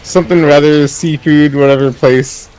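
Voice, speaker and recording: A man's voice: fairly high pitch, steady tone, moderate pace, a little mellow, smooth, poor audio. A young man chatting casually on a livestream, telling a rambling family story full of fillers and laughter.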